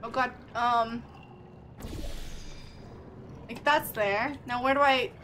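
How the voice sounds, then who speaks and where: Young woman game streamer: high, bright, unhurried, rambling chatter to her chat. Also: steady tone, slight background noise. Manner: chatty, thinks aloud, greets chat loudly. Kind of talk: live gameplay chat with viewers.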